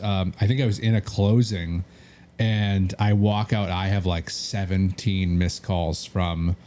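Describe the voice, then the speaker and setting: A man's voice: on the low side, mellow. A man co-hosting a casual podcast, telling a rambling deal story full of quoted back-and-forth dialogue and fillers. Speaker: real estate agent and podcast co-host.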